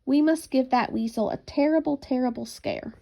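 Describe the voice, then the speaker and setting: A woman's voice: high voice, normal speed, vocal fry, warm tone, voice pushed up. A woman voicing a wise male red squirrel in a storybook, speaking earnestly and decisively.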